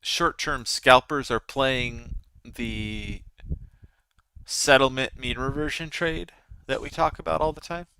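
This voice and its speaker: A man's voice: mid-range voice, steady tone, slow, sharp tone, clean tone. A man in his thirties hosting a live trading stream, chatting casually with his viewers as he comments. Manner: chatty, talks to viewers and chat. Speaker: livestream trading host.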